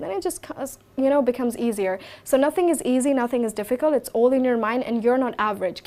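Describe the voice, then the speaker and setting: Young woman guest, quick and lively delivery. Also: fairly high pitch. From India. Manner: fast, energetic, switches between accents and Hindi. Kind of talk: live interview.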